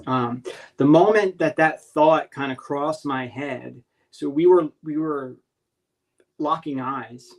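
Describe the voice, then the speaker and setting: A man earnestly recounting a strange encounter in casual talk, halting and restarting as he searches for words. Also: fairly high pitch, low-quality recording. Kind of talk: casual spoken storytelling.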